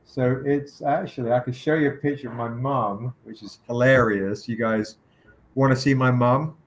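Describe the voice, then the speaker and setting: A man hosting a livestream, telling a story with lively quoted voices. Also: medium pitch, moderate pace, a little hiss or hum. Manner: animated anecdote with quoted voices. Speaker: comic publisher hosting a livestream. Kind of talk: casual storytelling chat.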